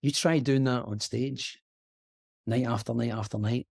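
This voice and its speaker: A middle-aged man with a Scottish accent, a guest actor talking earnestly and haltingly over a video call. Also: mid-range voice, steady tone, vocal fry, darkish tone, husky, dry recording, clean studio sound. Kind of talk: reflective conversation.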